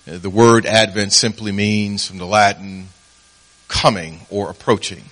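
A man's voice: steady tone, a little slow, a bit bright. A man preaching as pastor, telling a story and acting out its voices. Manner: storytelling, acts out voices with rising pitch. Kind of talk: sermon with a told joke.

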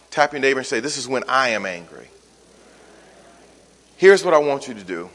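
A male pastor giving a sermon, swinging from loud emphatic calls to soft, weary asides. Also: medium pitch. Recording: long hall reverb.

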